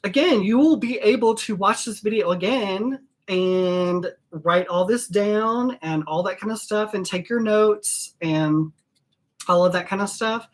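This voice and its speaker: A middle-aged woman teaching perfume blending in a chatty, gushing tutorial, drifting off topic and spelling ingredient names letter by letter. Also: medium pitch. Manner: gushing, emotional, chatty and digressive. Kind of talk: casual home-studio tutorial.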